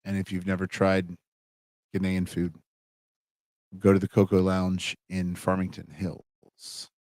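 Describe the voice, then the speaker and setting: A man's voice: deep voice, monotone, slow, darkish tone, no echo. A middle-aged man, a college humanities instructor, wrapping up a livestream class in a chatty, rambling way with lots of fillers and restarts. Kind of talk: casual livestream class wrap-up.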